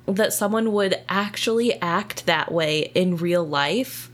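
A woman's voice: fairly low pitch, slow pace. A woman co-hosting a casual book discussion podcast, thoughtful and conversational, with "um" and "like" fillers. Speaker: podcast co-host.

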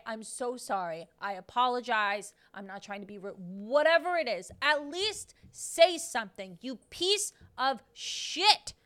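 A woman's voice: sits high, bright, forceful tone. A young woman co-hosting a podcast, ranting bluntly and swearing in casual chat. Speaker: podcast co-host.

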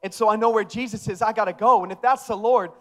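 A male preacher acting out an impulsive, eager fisherman apostle who speaks with excited, rushing, rising loudness. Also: sits high, close to an everyday voice.

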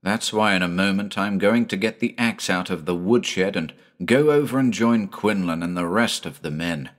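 A man voicing a careful, frightened country doctor speaking gently to his son. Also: low-pitched, normal speed, lightly acted. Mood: anxious.

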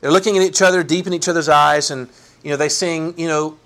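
A man preaching a sermon, animated and playful, acting out the people in the story. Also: fairly high pitch, brisk. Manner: animated, voices Bible figures with playful asides. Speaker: pastor.

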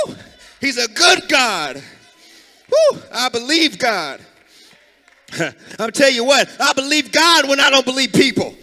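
A man's voice: very high voice, sing-song, a little slow, pauses often, pushed and bright, some chatter behind. A man preaching an impassioned sermon, with call-and-response lines and a sing-song, chanting delivery.

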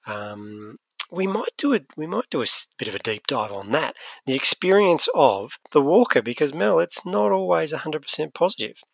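A man's voice: on the high side, very animated, normal speed, vocal fry, fairly bright tone, slightly rough, dry recording. A man co-hosting a podcast, chatting casually and animatedly, often restarting his sentences. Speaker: podcast co-host. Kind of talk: casual chat.

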